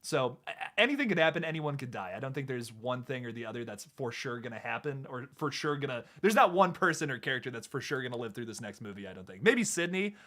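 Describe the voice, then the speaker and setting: A man hosting a casual live stream chat, excitable, laughing often and restarting his sentences. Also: medium pitch, fast, hardly any pauses. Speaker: host.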